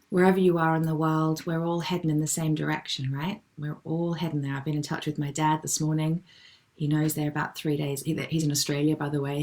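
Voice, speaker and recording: A middle-aged woman hosting a live online wellbeing session, gently and affectionately reading out viewers' comments and replying to them. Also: deep voice. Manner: gentle, affectionate, calls people darling.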